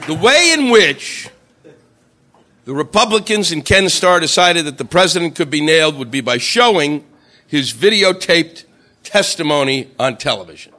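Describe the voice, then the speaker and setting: A man doing a profane stand-up routine, ranting and acting out shouted impressions. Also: a little high, animated, normal speed. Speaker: stand-up comedian.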